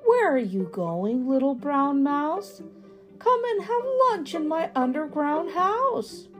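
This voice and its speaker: A woman voicing a sly, hungry male fox in a storybook, coaxing and smooth. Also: high-pitched, sing-song, takes it slowly, music in the background, heavily acted.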